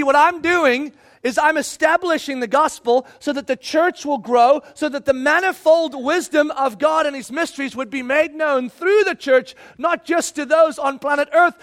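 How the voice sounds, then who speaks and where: A male pastor delivers a sermon in a strikingly high voice. He is emphatic and animated, dropping to hushed asides and rising to shouts. His delivery is lively and insistent.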